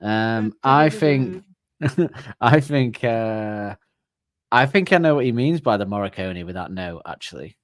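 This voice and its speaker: A man's voice: fairly low pitch, lively intonation, takes it slowly, no room sound, studio quality. A man hosting a podcast in casual chat, chatty and laughing often. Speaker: podcast host.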